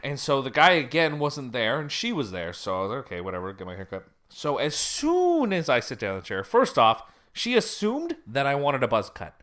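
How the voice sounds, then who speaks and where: A man with a middle-pitched voice tells a story in a casual podcast chat. His pitch rises and falls a lot, and he rambles, stops himself and laughs as he goes. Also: moderate pace, hardly any pauses. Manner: animated, laughs often, rambling. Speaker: podcast co-host.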